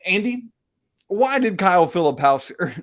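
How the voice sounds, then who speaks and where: A man's voice: high-pitched, big pitch swings, normal speed, a loud crowd. A man co-hosting a casual sports podcast, chatty and self-deprecating, laughing often. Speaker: podcast co-host.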